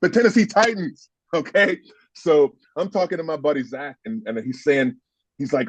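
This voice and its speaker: A fifties-aged ex-football player from the US tells stories during an interview, growing emphatic and heated and cursing at times. His voice is on the high side and his pace moderate. No room sound; the audio is dry and slightly dull.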